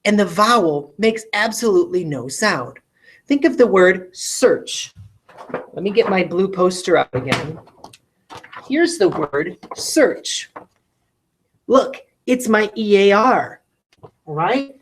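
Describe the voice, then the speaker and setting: A woman teaching a recorded phonics lesson to classrooms, slowly stretching out word sounds and checking in with rhetorical questions. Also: mid-range voice, expressive, slight background noise, rough recording.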